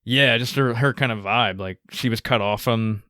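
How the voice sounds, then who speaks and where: A young man co-hosting a podcast, chatting casually about movies, laughing along and quoting lines in a high mock voice. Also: normal speed, pushed and bright, dry recording, clean studio sound. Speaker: podcast co-host. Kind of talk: casual movie review chat.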